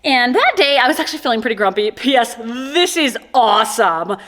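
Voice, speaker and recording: Bubbly woman vlogger, higher voice, giggly, rambling unboxing chat. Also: big pitch swings, fairly quick, a bit bright. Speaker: corset maker and vlogger.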